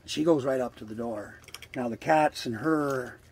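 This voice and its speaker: A man's voice: medium pitch, measured pace, a little mellow, slight background noise. An older man casually vlogging outdoors by a trailer near the woods, rambling and coaxing animals fondly, swearing now and then. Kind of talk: casual outdoor vlog narration.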